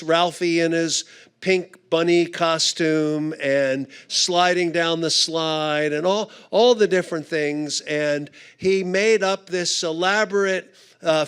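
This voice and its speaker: Slow, smooth-voiced male storyteller. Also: on the high side. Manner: unhurried anecdotal delivery with frequent "uh" fillers. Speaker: guest conference speaker. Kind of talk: humorous storytelling talk. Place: church conference stage.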